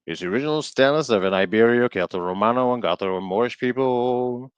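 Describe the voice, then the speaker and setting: Streaming live, a man reads from an old book in fits and starts, stumbling on words and riffing with jokes. His voice is medium-pitched with a clean tone. There's no echo, though the recording is muffled.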